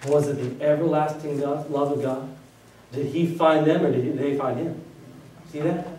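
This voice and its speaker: A man's voice: on the high side, fairly even intonation, moderate pace, darkish tone, slight background noise. A man preaching a sermon as pastor, firing off rhetorical questions at his congregation. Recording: very echoey room, voice from a distance.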